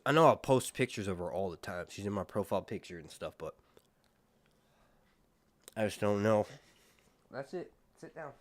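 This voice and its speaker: A man's voice: lowish voice, no echo. A man, chatting casually on a livestream and talking to his dog as he goes. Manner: chatty, rambling, talks to his dog and viewers. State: out of breath. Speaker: livestream host.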